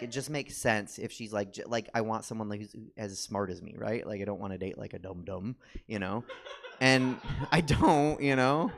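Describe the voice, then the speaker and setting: A man's voice: on the low side, vocal fry. Rambling young man doing stand-up. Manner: rambling, filler-heavy with constant "like". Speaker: stand-up comedian and drag performer. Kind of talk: stand-up comedy set. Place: comedy theater stage.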